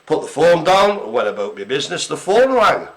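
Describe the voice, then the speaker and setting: Chatting casually on a live care-centre broadcast, this male co-host spins jokey stories thick with fillers. He speaks at a moderate pace in a very animated voice on the high side.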